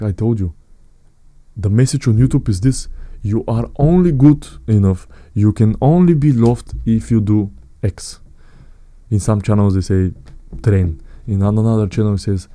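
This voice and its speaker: A man's voice: fairly low pitch, mellow, no echo. A man, talking to his viewers in a blunt, earnest way about self-improvement, often repeating phrases and calling them guys. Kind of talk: direct-to-camera motivational talk.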